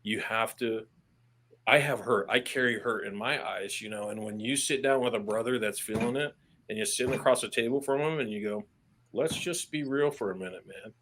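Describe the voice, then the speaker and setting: A man who is an army veteran, talking candidly as a podcast guest, plain-spoken and earnest, with casual swearing and halting restarts when he stresses a point. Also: medium pitch, fairly bright tone, slight background noise. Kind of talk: candid podcast interview conversation.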